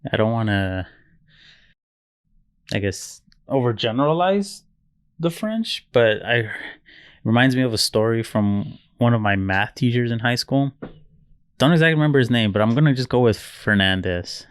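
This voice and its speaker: A young man from the States talks easily on a podcast, dropping casual swears into his stories. His voice comes across smooth and clear. The recording is close and dry. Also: mid-range voice, lively intonation, normal speed, dry recording. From United States. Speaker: podcast co-host. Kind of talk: casual chat.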